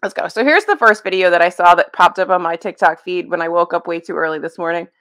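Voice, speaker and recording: A woman's voice: on the low side, fast, a bit bright. Chatty, wryly exasperated woman host. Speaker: book commentary video host. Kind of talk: casual reaction commentary. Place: at home before work. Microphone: streaming webcam setup.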